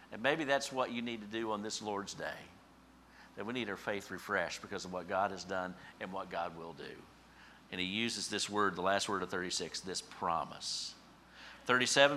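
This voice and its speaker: A man preaching a sermon as pastor, swinging from hushed, slow scripture lines to loud emphatic peaks. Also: on the low side, slight background noise. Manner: emphatic, with dramatic swells and hushed drops; slows down for scripture quotes.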